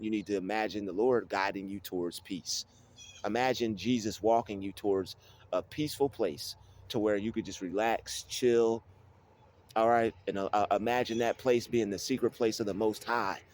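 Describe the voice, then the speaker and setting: Casting: man, low voice, loose street-casual spiritual teacher, repeats himself, faint room hum. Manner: casual, repetitive, many restarts and fillers. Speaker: spiritual video creator.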